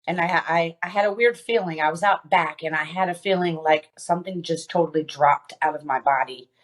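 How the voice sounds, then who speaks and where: A woman with a fairly low voice speaks as a podcast guest, telling a personal story. She talks haltingly, with frequent "um"s and restarts, as she recounts what happened. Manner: halting, many fillers and restarts.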